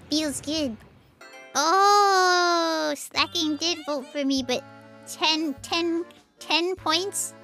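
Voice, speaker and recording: A woman streaming games live, talking excitably with frequent giggles and dramatic outbursts. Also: high voice, very slow, faint music behind. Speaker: game streamer. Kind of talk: live gameplay commentary.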